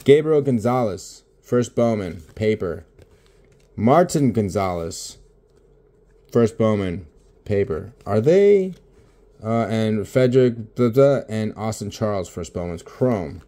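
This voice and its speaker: A man's voice: on the low side, expressive, slow, warm tone. A young man casually talking through opening packs of baseball cards in his home office, swearing constantly and mumbling because he is short on sleep. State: sleep-deprived. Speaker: card opening vlogger. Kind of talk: casual card-opening commentary.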